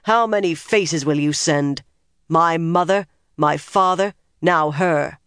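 A man's voice: a little high, slow pace, a bit bright, clear, resonant tone, no room sound. Narrator as an angry, worn-out young man in an audiobook; sneering and demanding, dry sound. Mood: shouting.

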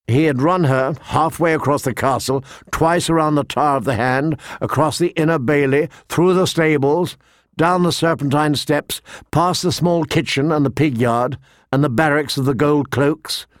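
A man reading a fantasy novel aloud as narrator, steady and shifting pace with the action. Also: fairly high pitch, moderate pace, no room sound, studio quality. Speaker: audiobook narrator. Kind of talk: scripted narration.

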